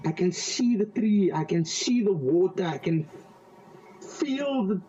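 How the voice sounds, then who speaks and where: High-voiced man telling a dream testimony. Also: expressive, warm tone. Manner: halting, with frequent repeated words and restarts; slow and vivid when describing a dream. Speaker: interviewee giving a faith testimony. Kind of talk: personal testimony storytelling. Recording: slightly distant, dull lo-fi audio.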